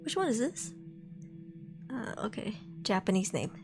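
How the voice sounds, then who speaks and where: A woman's voice: medium pitch, very animated, measured pace. A woman hosting a livestream, chatting casually in a bubbly, giggly, slangy way while she sets up horror story reading. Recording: horror background music under the voice. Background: background music.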